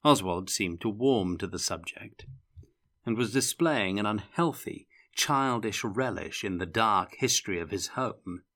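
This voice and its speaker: Low bright-voiced male narrator. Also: animated, a little slow. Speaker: audiobook reader. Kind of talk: scripted narration.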